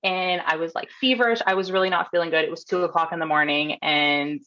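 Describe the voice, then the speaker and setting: A Canadian nurse coach, appearing as a podcast guest, tells a story in a casual interview, acting out its characters and laughing often. Her voice is lowish and fast, and the recording's highs are cut off.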